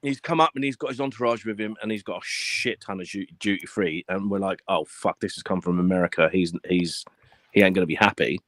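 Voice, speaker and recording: A man telling stories in a casual live-stream chat, animated and full of swearing, acting out what people said. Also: deep voice, brisk, no room sound. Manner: animated storyteller, swears a lot, acts out quotes.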